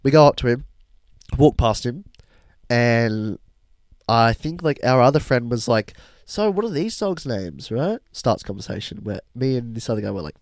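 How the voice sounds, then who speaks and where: A young man hosting a podcast, telling a story in a casual, animated, slangy way and laughing often. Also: mid-range voice, normal speed, no room sound, studio quality. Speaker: podcast host.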